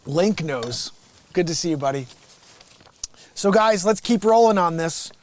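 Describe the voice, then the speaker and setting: A man's voice: high-pitched, expressive, measured pace. A man hosting a livestream, chatting casually and jokingly about a Bible reading, laughing often. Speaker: livestream host.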